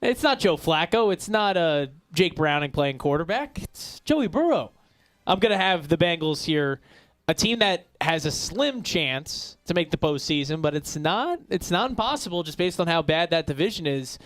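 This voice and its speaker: Male co-host, slightly high voice, dry studio sound, emphatic and laughing. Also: animated, moderate pace, fairly bright tone, no room sound. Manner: laughs often, emphatic and chatty. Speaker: sports talk show co-host. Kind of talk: casual sports betting chat. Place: radio studio.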